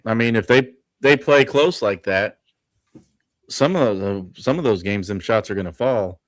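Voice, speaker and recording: A man co-hosting a casual sports talk show, rattling off scores and records in a relaxed, chatty way. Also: lowish voice, no echo. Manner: runs through stats in quick lists, laughs often. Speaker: podcast co-host.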